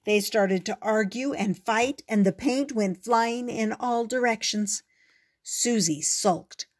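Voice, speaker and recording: An older woman reads a children's storybook aloud, gentle and expressive. Her delivery is very slow and unhurried, each sentence laid out carefully for young listeners. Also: fairly high pitch. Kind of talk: reading a picture book aloud.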